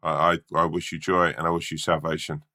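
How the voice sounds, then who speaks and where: Very deep-voiced man rambling. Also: flat delivery, fairly quick, bright, forceful tone. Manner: rambling, filler-heavy, swearing. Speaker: podcast co-host. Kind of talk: casual storytelling.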